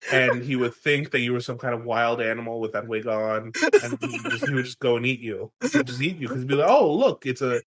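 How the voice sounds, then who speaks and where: A man hosting a podcast, recapping a book in animated, playful casual chat. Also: mid-range voice, fairly quick, hardly any pauses. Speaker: podcast host.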